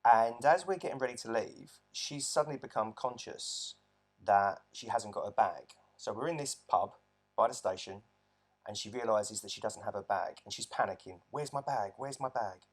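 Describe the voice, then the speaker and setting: A man's voice: lowish voice, normal speed. A man talking earnestly about his own experience in a reflective storytelling monologue, often restarting his sentences. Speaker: abuse survivor vlogger.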